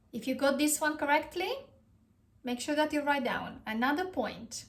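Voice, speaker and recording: A woman's voice: high-pitched, animated. A woman from Romania teaching pronunciation, carefully sounding out and repeating each word. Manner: slow, careful repetition of words. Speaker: language teacher. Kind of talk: pronunciation lesson.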